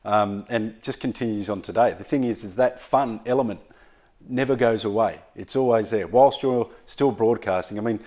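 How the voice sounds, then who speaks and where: A man's voice: on the low side, moderate pace, darkish tone. A man interviewing a guest, asking long, conversational and admiring questions.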